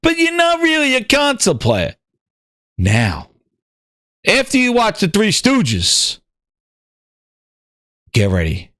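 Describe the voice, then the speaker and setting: A man hosting a gaming show, ranting with constant swearing and excited repetition. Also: extremely high pitch, unhurried, long pauses, no echo, clean studio sound. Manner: excitable, swears heavily, repeats himself. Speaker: podcast host. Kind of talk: profane ranting gaming commentary.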